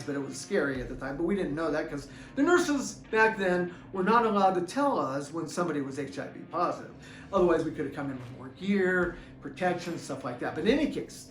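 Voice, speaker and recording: A middle-aged man, an author and former deputy, telling a personal story in an animated, chuckling way. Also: a little high. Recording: roomy room, distant mic, faint music.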